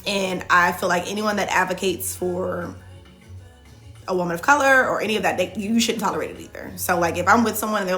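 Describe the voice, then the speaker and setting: Bright-voiced woman chatting on a livestream. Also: medium pitch. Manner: chatty, reads viewer comments aloud and answers them; frequent "like" fillers and restarts. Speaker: reality show contestant hosting a live Q&A. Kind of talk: casual livestream chat.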